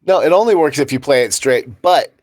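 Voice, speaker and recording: A man's voice: mid-range voice, lively intonation, brisk, a little mellow, no echo, studio quality. A man co-hosting a podcast, making wry, sarcastic quips in casual banter about a movie. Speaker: podcast co-host.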